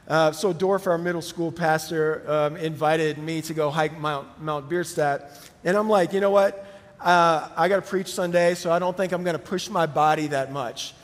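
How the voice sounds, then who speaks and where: High-voiced male pastor in a big hall. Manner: conversational, animated storytelling with laughs. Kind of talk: sermon with personal story. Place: church auditorium. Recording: long hall reverb.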